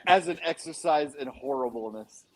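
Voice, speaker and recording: Joking man, slightly high voice. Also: normal speed, a crowd in the background, poor audio. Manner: joking, mock-quoting, swears. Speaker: podcast co-host. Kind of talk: casual chat.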